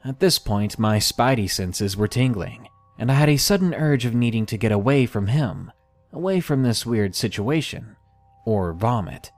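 A man reading submitted first-person scary stories aloud in a steady, measured scripted narration. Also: mid-range voice, faint music behind. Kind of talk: scripted horror story narration.

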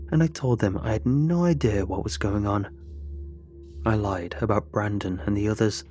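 A man narrating a horror story in a measured, dramatic manner. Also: lowish voice, a little mellow.

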